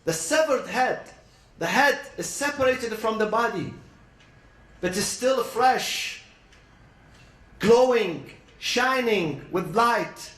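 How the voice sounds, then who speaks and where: A man at a youth gathering, telling a religious story as a sermon, with dramatic pauses and short emotional phrases. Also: very high-pitched, animated, fairly bright tone. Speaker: speaker at a youth event. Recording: roomy echo.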